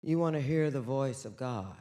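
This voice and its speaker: A woman speaking as an author and guest on a theater stage, loud and bawdy, swinging between shouts and hushed whispers. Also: extremely low pitch, normal speed. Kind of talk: animated live stage talk. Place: theater stage before an audience.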